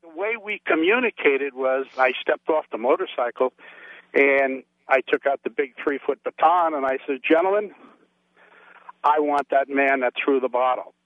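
A man's voice: medium pitch, moderate pace, dry recording. A blunt, tough-talking male caller, a former police officer, heard over a tinny phone line. The sound is thin and dry, with no room around it. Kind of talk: call-in storytelling.

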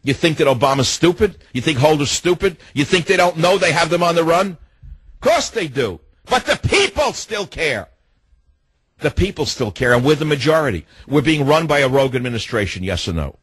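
Husky combative talk radio man. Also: fairly high pitch, lively intonation, brisk, no echo, poor audio. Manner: combative, indignant, heavy rhetorical questions. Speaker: radio talk show host. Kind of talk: political talk radio monologue.

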